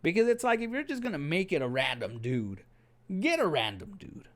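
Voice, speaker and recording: A man giving a casual, excitable review of a TV episode, rambling and slangy, often saying "dude". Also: a little high, normal speed. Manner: excitable, with many restarts.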